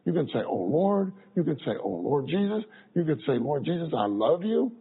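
Lively preacher man, husky and gravelly. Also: fairly high pitch, normal speed. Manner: lively, repeats phrases, swings between loud and soft. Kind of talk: sermon. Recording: tinny phone-like sound.

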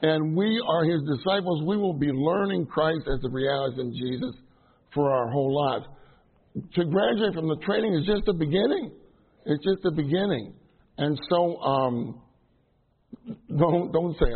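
A middle-aged man gives a rambling, self-deprecating sermon to a room of trainees. His voice is husky and sits fairly high. The sound is thin and tinny, like a phone line. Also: lively intonation, moderate pace. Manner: chatty, self-deprecating, many fillers and restarts. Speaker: minister teaching trainees. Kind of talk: casual sermon to a live audience.

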